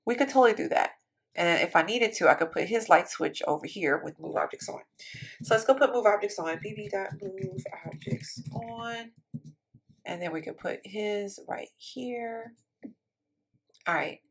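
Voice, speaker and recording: A woman's voice: mid-range voice, expressive, moderate pace, vocal fry, husky. A woman giving casual, chatty commentary while building in a life-sim game, thinking aloud and talking to her viewers. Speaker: Sims building YouTuber.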